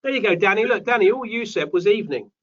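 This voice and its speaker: British man, chatty host, high-pitched, distant muffled mic. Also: fast talker, fairly bright tone. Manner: chatty, reads out viewer names. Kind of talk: live webinar chat.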